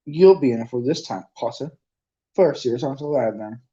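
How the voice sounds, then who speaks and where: A man's voice: medium pitch, lively intonation, fairly quick, warm tone, close to an everyday voice. A man voicing a spiteful rich schoolboy bully with a sneering manner on a dull lo-fi recording.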